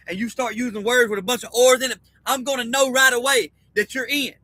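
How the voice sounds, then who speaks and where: A man's voice: extremely high pitch, steady tone, brisk, pushed and bright, dry recording, poor audio. A man in a rambling, profane monologue, reading a document aloud and explaining it in a conspiratorial way, with okay after nearly every line. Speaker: self-styled teacher.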